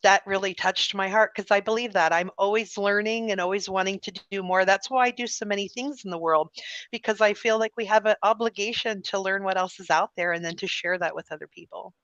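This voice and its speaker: A woman guest in a casual chat, telling stories in an animated way with lots of giggles and restarts. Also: medium pitch, a little fast, dry recording, dull audio.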